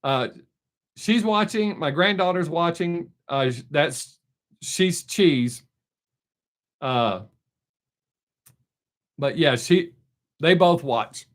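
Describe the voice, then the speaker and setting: An older man hosting a live stream, chatting casually with viewers in a relaxed, rambling way, full of fillers and restarts. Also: fairly high pitch, very slow, long pauses. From United States. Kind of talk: casual chat answering viewers.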